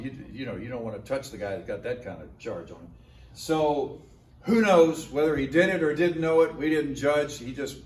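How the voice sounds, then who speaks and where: A man preaching a sermon, telling a story casually and acting out other people's lines with lively jumps in his voice. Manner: animated, acts out quoted voices with big pitch jumps. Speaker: pastor. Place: church sanctuary. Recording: echoey church hall, mic at a distance.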